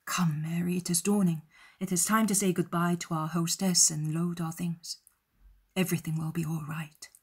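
A woman voicing Joseph, a protective, steady grown man, in a soft breathy voice. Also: lowish voice, normal speed. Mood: comforting.

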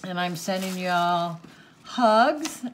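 A woman's voice: lowish voice, lively intonation, slow, noisy background. An older woman hosting a crafts vlog, gushing and exclaiming as she opens gifts on camera. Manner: gushing, exclaiming, easily moved. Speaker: crafts channel host. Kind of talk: casual unboxing vlog.

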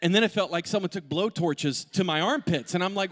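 A middle-aged male pastor telling a funny personal story in an animated way, with asides to the congregation. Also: high-pitched, fairly quick. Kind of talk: sermon with humorous personal story. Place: large church auditorium. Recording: long hall reverb.

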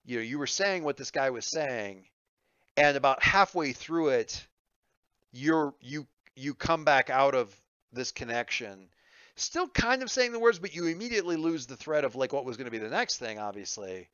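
A man's voice: mid-range voice, sing-song, normal speed, fairly bright tone, smooth, dry recording. A man narrating as game master, rambling and hesitant, full of fillers. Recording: muffled dry lo-fi recording.

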